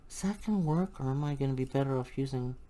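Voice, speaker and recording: A woman's voice: extremely low pitch, fast, mellow. An older woman chatting casually and thinking aloud as she works through a craft tutorial. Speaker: crafting channel host.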